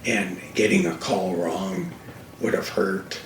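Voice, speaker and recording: Slow and low, the voice belongs to an older man who commentates racing on TV and is a guest in a casual fireside conversation, telling stories with animated emphasis. The recording is distant, echoey, and faintly hissy.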